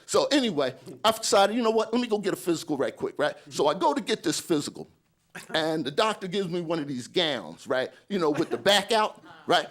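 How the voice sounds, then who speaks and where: A man in his forties with a high voice tells a stand-up story. He acts out the other people's voices and keeps checking in with "right?". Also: very animated, brisk. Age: 40s. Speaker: stand-up comedian.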